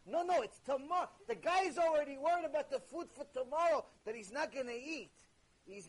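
A man teaching a religious ethics lecture in an animated, conversational way. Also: very high voice, a little fast, poor audio. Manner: animated, conversational, with sudden jokes.

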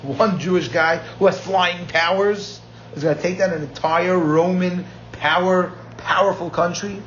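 Male Talmud lecturer, somewhat high-pitched, energetic storyteller; dull lo-fi recording with faint background noise. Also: a little slow. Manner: lively storyteller mixing Aramaic quotes with plain English.

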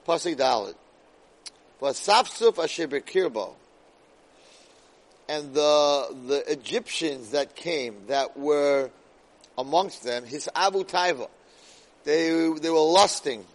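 A man giving a weekly Torah portion class, weaving Hebrew verses into English and swinging dramatically between loud and soft delivery. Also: on the high side, lively intonation, slow, pauses often, poor audio. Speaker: Torah lecturer.

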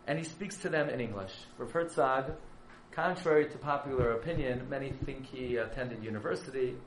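A man who is a yeshiva rabbi, telling a story as a sermon, dramatic and surging from hushed to loud. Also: medium pitch, a little fast, roomy sound, a little hiss or hum, rough recording.

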